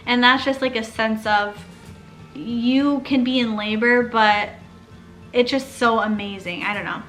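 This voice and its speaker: A young woman casually telling her own birth story, chatty and animated, acting out what others said. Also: fairly high pitch, unhurried, faint music behind. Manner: chatty, animated, acts out quoted speech.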